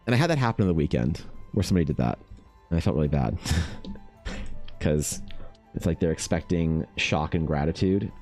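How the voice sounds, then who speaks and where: A man's voice: a bass voice, expressive, normal speed, pauses often, darkish tone, soft background music. A man streaming while he draws, chatting casually with viewers, swearing freely and running himself down. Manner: chatty, swears freely, self-deprecating, reacts to chat. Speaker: artist streaming while drawing. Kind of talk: casual livestream chat.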